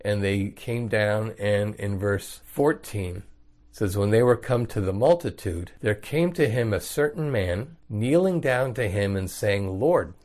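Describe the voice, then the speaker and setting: A man's voice: on the low side, animated, measured pace, darkish tone. A man teaching the Bible verse by verse in a casual, conversational way, reading passages and explaining them in everyday words.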